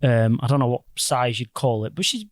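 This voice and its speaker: A man's voice: medium pitch, brisk, no room sound. A young man, casually retelling a story on a podcast, swearing freely and acting out the quotes. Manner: animated storytelling, swears a lot, acts out quotes. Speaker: podcast host. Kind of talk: casual chat.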